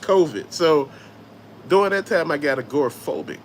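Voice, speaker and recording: A man's voice: fairly high pitch, lively intonation, moderate pace, slight background noise. A middle-aged man with a Southern US accent hosting a casual livestream, telling stories loosely and swearing freely while he answers chat. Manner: laid-back, swearing, storytelling, reads chat aloud. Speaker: toy collector livestream host.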